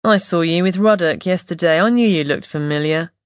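A man's voice: on the high side, brisk, clean tone, no echo, studio quality, natural voice. A woman reading an audiobook voices a suspicious, nervy male police officer who smokes, with a squeezed nasal voice and a wheeze. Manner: suspicious, curt.

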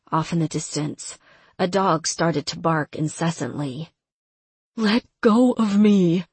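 A woman reading a novel aloud in measured, steady scripted narration. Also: low voice, slightly rough, no room sound. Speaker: audiobook narrator.

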